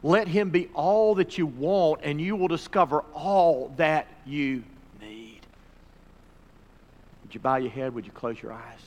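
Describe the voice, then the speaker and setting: A male pastor delivers a sermon in a slightly raised pitch. He swings between emphatic, swelling declarations and hushed, earnest appeals. The voice rings out with a long reverb, as in a church sanctuary. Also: slow. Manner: preaching with swelling emphasis, dropping to soft pleas. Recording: reverberant hall recording.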